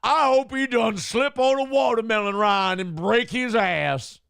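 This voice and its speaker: A man putting on an exaggerated mocking impression voice, loud and drawling. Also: unhurried, creaky, clean tone, no echo, studio quality, full character voice. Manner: loud, drawling, high put-on voice.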